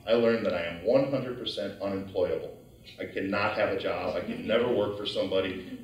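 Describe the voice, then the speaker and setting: A man giving a lecture and telling his own story in a lively, conversational way, acting out his past thoughts. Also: on the low side, far from the mic. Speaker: guest lecturer. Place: lecture hall. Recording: very echoey hall, heard from afar.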